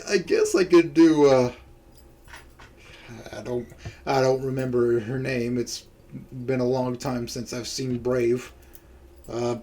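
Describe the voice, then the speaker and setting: A man's voice: medium pitch, a little hiss or hum. Crude, laughing let's-play reader, man. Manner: crude, self-mocking, laughs often. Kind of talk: reading a visual novel aloud with commentary.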